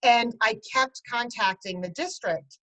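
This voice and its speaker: A middle-aged woman tells her story with animated, chatty energy. Her voice sits fairly high, and she breaks into laughter at times as she talks with an interviewer. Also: unhurried, poor audio. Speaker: guest, parent and writer. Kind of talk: conversational interview.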